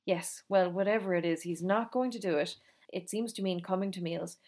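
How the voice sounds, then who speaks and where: A shy schoolgirl from a storybook reading, hesitant and a bit gruff, as a woman reading puts her on. Her lines come out slightly louder and brighter than the narration. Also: on the low side, fairly quick, natural voice.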